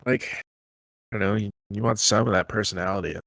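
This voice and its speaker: A man with a very low voice and a gravelly edge chats about a film on a podcast. He hesitates and trails off, filling the gaps with fillers. The recording is dry and close. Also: normal speed, a bit bright, dry recording, rough recording. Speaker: podcast co-host reviewing a movie. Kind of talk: casual chat.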